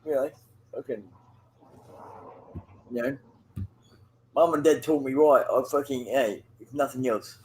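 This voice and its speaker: A man's voice: mid-range voice, measured pace, pauses often. A man in casual banter with a friend over voice chat, rambling and teasing, swearing constantly. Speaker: gamer chatting with a friend.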